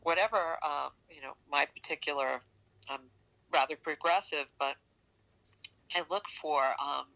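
A woman in her sixties with a New York accent speaks as an interview guest. Her low voice has a gravelly fry and a bright, forceful edge. She halts often and fills the gaps while she looks for the right word. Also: rough recording. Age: 60s. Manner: halting, searching for words with many fillers. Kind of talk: casual interview conversation.

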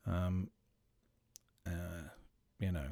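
A man hosting his own podcast, talking reflectively and haltingly with many fillers and restarts. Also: sits low, steady tone, gravelly, warm tone, no echo. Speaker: podcast host, magician. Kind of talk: reflective solo podcast talk.

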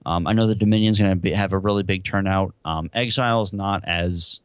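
Very low-voiced man, relaxed and joking, dry close mic, casual podcast co-host. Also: fairly quick, smooth, dry recording. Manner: laid-back, joking. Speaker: podcast co-host and event organizer. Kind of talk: casual gaming podcast chat.

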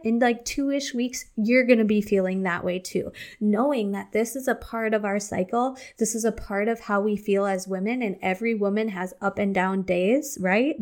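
Young female podcast host, candid, conversational, talks straight to the listener. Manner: candid, chatty, acts out her own outbursts in a higher voice. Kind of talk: casual solo podcast talk.

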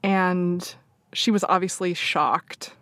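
Woman with a lowish voice, open personal storyteller, near tears, dry recording. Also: fairly even intonation, takes it slowly, no room sound. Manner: open and reflective, many fillers, laughs softly. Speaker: supervisor telling a personal story.

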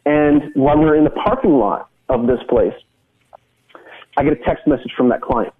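Husky man telling his story over a tinny line. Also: on the high side, normal speed. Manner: earnest storytelling with frequent restarts. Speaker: guest. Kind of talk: personal testimony in a conversation. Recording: tinny phone-line sound.

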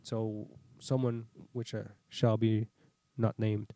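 A man's voice: fairly low pitch, level tone, takes it slowly, mellow. A man telling a long story in casual chat, acting out quotes and swearing often.

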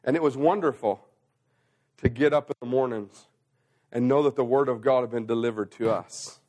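A man preaching a sermon as pastor, swinging between loud, rising emphasis and hushed, slow passages. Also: mid-range voice.

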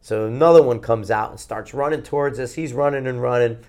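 A man from Connecticut co-hosts a podcast and spins a long, meandering anecdote. His voice sits at an ordinary middle pitch. He curses freely and circles back on himself as the story unfolds. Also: fairly quick. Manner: rambling, profane, animated anecdote-telling. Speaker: podcast co-host. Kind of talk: casual storytelling.

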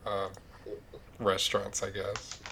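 A man's voice: fairly low pitch, completely flat delivery, slow pace, creaky, pushed and bright, breathy edge. A man in a comedy podcast who talks in a hesitant, stammering way, often restarting his words. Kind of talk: improvised comedy chat.

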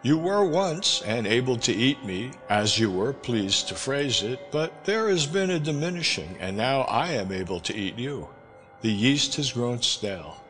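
A man voicing an educated gentleman castaway who speaks sternly and defiantly, in a storybook reading. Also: mid-range voice, sing-song, measured pace. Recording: reverberant with music underneath.

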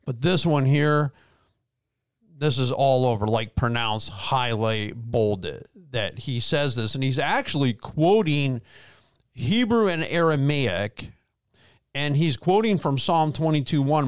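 A man's voice: medium pitch, animated, takes it slowly, clear, resonant tone, no room sound. A man who is a pastor, hosting a casual faith podcast in a chatty, rambling, joking way.

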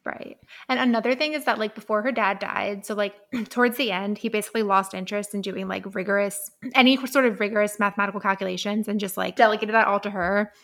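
Bright-voiced young woman, rambly and casual. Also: medium pitch, fairly even intonation, fast, few pauses. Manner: rambling, filler-heavy, swears, laughs often. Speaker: podcast co-host. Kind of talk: casual chat, book recap.

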